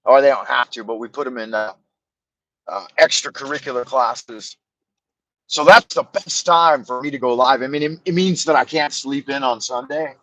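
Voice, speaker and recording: A man's voice: mid-range voice, moderate pace, a bit bright, no echo, rough recording. Rambling, crude middle-aged man livestreaming. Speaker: livestream host.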